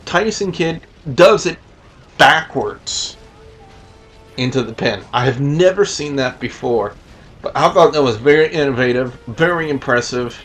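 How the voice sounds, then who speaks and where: A man's voice: mid-range voice, animated, a little slow, a bit bright, faint music behind. A man giving a casual, rambling review of a wrestling show and rating each segment out of five, with lots of "uh" and "you know". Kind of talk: casual spoken review with scores.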